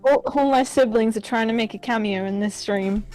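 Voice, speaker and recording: Chatty British woman, fairly high voice. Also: a little fast, darkish tone, soft background music, poor audio. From Britain. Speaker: co-host. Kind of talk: casual chat.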